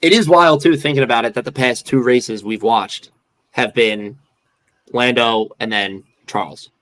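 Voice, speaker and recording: A man co-hosts a casual podcast chat at a mid pitch. He rambles, restarts his thoughts and leans hard on filler words. His voice is plain and easygoing. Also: measured pace, fairly bright tone, poor audio. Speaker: podcast co-host.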